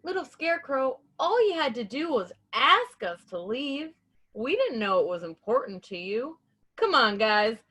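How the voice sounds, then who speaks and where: A woman voicing a playful male crow in a picture-book reading, speaking slowly and drawn out in a raised voice. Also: fairly high pitch, sing-song, fairly bright tone, pitched above the performer's own voice, exaggerated voice. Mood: kind. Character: cheeky male crow, playful then kind.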